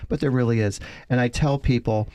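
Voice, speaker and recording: A man's voice: medium pitch, fairly even intonation, fairly quick, dark tone, clear, resonant tone, no room sound. Jersey guy psychic on a radio show, gushy and rambly, dry studio sound. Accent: New Jersey. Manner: effusive, spiritual, rambling. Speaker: psychic guest. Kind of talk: casual radio chat.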